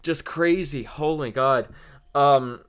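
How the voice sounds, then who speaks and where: Excitable swearing young man on a podcast. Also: a little high, slow pace, smooth. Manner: excitable, swears a lot, keeps exclaiming. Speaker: podcast co-host. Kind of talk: casual podcast rant.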